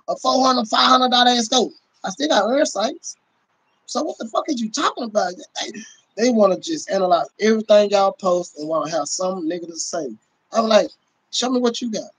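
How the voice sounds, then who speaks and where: A man's voice: high-pitched, a bit bright, breathy edge, low-quality recording. Boisterous, profane man ranting on a livestream. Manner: profane, boisterous, laughing often. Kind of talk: casual livestream rant.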